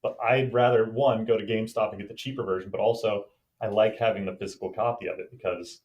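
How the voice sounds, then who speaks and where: A man co-hosting a podcast and running its quiz games, chatting casually and rambling in quick bursts. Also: on the low side, steady tone, a little mellow. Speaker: podcast co-host and game master.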